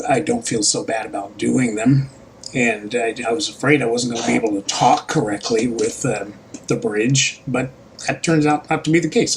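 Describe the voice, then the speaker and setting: Middle-aged man, casual solo commentary, rambling, many fillers, wry asides, average pitch, faint background noise. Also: low-quality recording. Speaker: YouTube political commentary host. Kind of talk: casual solo monologue to camera.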